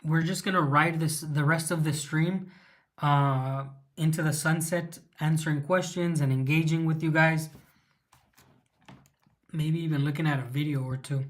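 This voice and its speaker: A man's voice: a little high, steady tone, a little slow, fairly bright tone. A man from Southern California with a Chicano English accent, hosting a casual livestream Q&A. He rambles, answers viewers' questions and stops to restart his sentences, with many ums. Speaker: livestream host. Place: living in Russia.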